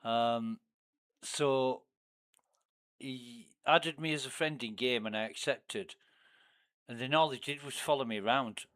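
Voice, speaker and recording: A man chatting casually on a game livestream, telling a rambling, profane story, often trailing off into low mumbles. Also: takes it slowly, pauses often, fairly bright tone. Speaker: game streamer.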